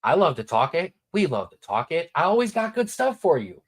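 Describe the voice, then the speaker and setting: Animated male sports host, casual and repetitive, big pitch swings. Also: fairly quick. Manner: animated, repetitive, hypes picks. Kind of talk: casual sports betting talk.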